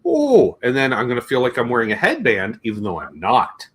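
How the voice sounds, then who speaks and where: A man's voice: mid-range voice, animated, fast talker, pushed and bright, breathy edge. A man with a Canadian accent hosting a casual chat, rambling and jokey with plenty of swearing. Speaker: host. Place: home music room with guitar pedals.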